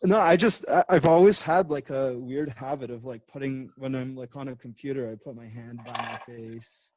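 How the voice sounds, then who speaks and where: A man's voice: mid-range voice, moderate pace, darkish tone, no echo, rough recording. A man from Canada, a podcast guest, chatting casually and rambling through stories with lots of fillers. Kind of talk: casual chat.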